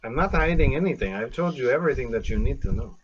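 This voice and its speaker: A man's voice: mid-range voice, expressive, quick pace, close to an everyday voice. Man playing a proud male adventurer who guards his quest; defiant, occasionally swears, muffled mic. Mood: indignant. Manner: defiant, curses, many filler ums. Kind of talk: in-character tabletop role-play.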